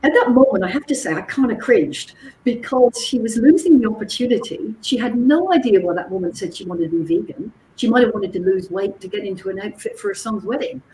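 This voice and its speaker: Woman trainer, mellow voice, lively coaching tone, roomy echo, faint noise. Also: mid-range voice, brisk, distant mic. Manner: animated, checks in with listeners, acts out dialogues. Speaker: psychologist and communications trainer. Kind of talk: workshop talk.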